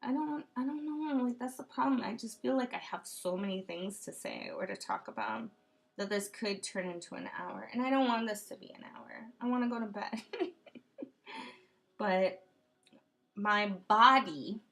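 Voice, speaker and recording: A woman's voice: medium pitch, very animated, normal speed, vocal fry, fairly bright tone. A woman vlogging from her room at home in a casual late-night monologue, rambling and self-questioning, with frequent laughs. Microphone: computer webcam.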